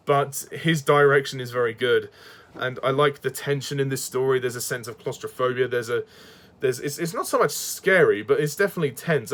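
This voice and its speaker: A man's voice: mid-range voice, fairly bright tone. A man giving a casual spoken review, hesitant and repeating words, with frequent chuckles.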